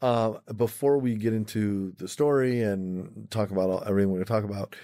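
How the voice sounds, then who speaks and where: A man hosting a comedy podcast, playful and quick to laugh as he chats with guests. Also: on the low side, steady tone, warm tone, dry recording. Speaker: podcast host. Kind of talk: casual comedy podcast chat.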